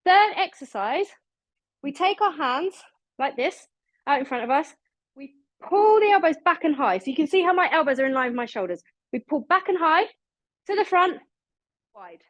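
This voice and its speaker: British fitness lady counting down reps, high bright voice, dry close sound, bit breathless. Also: dry recording. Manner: upbeat, encouraging, counts down reps. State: slightly out of breath. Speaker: fitness instructor. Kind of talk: live online exercise class coaching.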